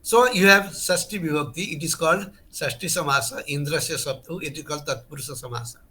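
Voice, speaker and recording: In an online lecture, a man teaches Sanskrit grammar earnestly and emphatically, repeating key terms and restarting phrases as he explains. His voice is a little high, fast, and sharp-toned.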